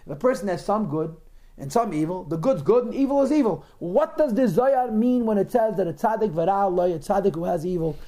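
A man's voice: high-pitched, expressive, fairly quick, dark tone. A man teaching a class on a religious text, posing rhetorical questions to his students and answering their remarks. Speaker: Torah teacher.

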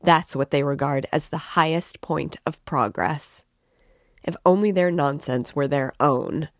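An excitable, tipsy young man rants and gushes, as a woman reads him aloud. He speaks slowly and deliberately, and the sound is close and dry, with no room around it. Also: low voice, no room sound. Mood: impassioned. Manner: impassioned, ranting.

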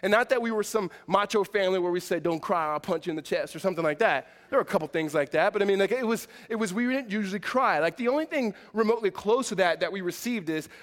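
A man's voice: high voice, expressive, quick pace, hardly any pauses. A man in his forties giving a sermon as pastor, conversational and self-deprecating, building to emphatic passages. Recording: long hall reverb.

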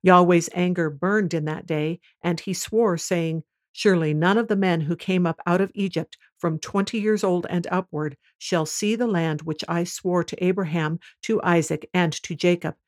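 A woman host reading scripture aloud at a measured, even pace. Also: fairly low pitch.

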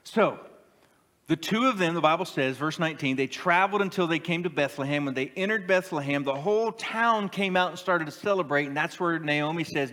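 A middle-aged male pastor with a high voice delivers a lively, joking sermon. He talks to his congregation and teases them. His words ring out with a long hall reverb. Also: brisk. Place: church sanctuary with a congregation.

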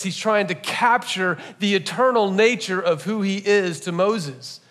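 A man preaching a church sermon as a pastor, teaching in a conversational, animated way with playful asides to the congregation. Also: high-pitched, moderate pace, few pauses. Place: church service.

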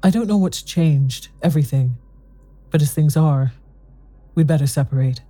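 A narrator voicing a weary, unhappy husband who answers quietly and steadily. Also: medium pitch, moderate pace, faint music behind, lightly acted. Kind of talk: audiobook dialogue reading.

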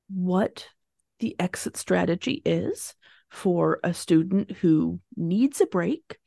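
Lady player in a tabletop game, lowish gravelly voice, dry close sound, sounds firm. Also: slow pace, long pauses, warm tone, no room sound. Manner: firm, insistent, businesslike. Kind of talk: in-character tabletop role-play.

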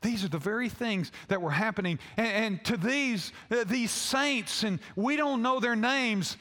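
A male pastor with a high voice preaches a story-driven sermon. He stops and restarts often, filling gaps with uh and um. A long reverb fills the hall around him. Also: fairly bright tone. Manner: halting storytelling with many fillers.

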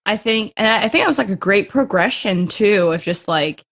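A woman's voice: mid-range voice, moderate pace. A young adult woman, a masters swimmer guest, telling a story in a casual interview and acting out the quotes. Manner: animated storyteller, acts out quotes.

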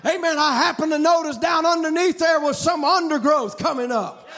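A man preaching a fiery revival sermon, shouting in a chanting cadence. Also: very high voice, moderate pace.

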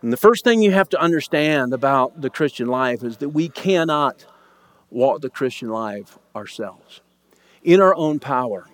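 This pastor's mid-range voice is animated and moves at normal speed, with no echo around it. His sermon unfolds as a story, and he raises his voice to perform the quoted lines of its characters.

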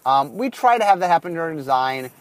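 A man's voice: on the high side, animated, fast. A man who designs card games, talking through his work in a casual monologue, often restarting and correcting himself mid-sentence.

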